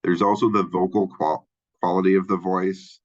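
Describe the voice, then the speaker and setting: A man from Minnesota with a Minnesotan accent and a deep voice, giving a casual college lecture full of fillers and restarts. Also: little pitch movement, moderate pace, highs cut off. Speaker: college instructor. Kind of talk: lecture overview of a textbook chapter.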